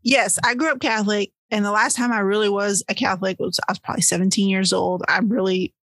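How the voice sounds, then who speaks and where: A woman co-hosting a casual book chat, telling stories in an animated, expressive way. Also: medium pitch, quick pace, no room sound. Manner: animated, expressive storytelling with laughs. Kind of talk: casual chat about books.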